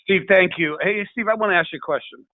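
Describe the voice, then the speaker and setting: A man hosting a training webinar, conversational and a little halting. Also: high voice, no room sound. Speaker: webinar host. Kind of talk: webinar, playing a new recruit. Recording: dry, phone-like webinar line.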